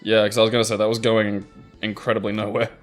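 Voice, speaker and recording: A man co-hosting casual let's-play commentary, full of crude jokes and quick giggles as he asks about the game. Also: fairly low pitch, completely flat delivery, soft background music. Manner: jokey, giggly, crude quips. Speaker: co-host watching the game.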